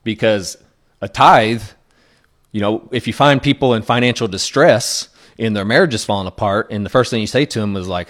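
A man's voice: on the low side, brisk. A pastor giving a conversational sermon, earnest and plainspoken, often checking in with the congregation as he teaches. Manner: frequent checking-in asides to the congregation.

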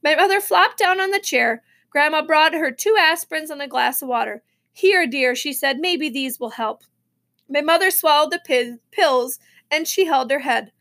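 A woman reading a children's novel aloud in a lively storybook manner. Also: high voice, normal speed. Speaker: reader.

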